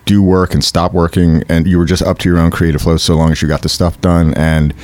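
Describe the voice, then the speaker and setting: Deep-voiced man telling an animated story. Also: brisk, no room sound. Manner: animated storyteller acting out quoted voices, laughing often. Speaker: actor telling an audition story. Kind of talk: casual storytelling chat.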